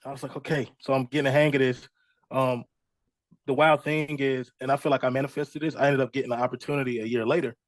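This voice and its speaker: A young man, a music artist, tells his story in a relaxed, conversational way and slips into the voices of the people he quotes. His voice is mid-pitched and recorded dry and close, with no room sound around it. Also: quick pace, no echo. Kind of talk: casual storytelling interview.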